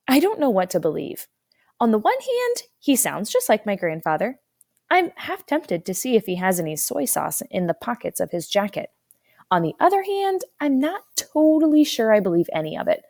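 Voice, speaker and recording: Lady reading a first-person audiobook, kinda low and gravelly, wry and expressive. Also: no room sound, clean studio sound. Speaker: audiobook narrator.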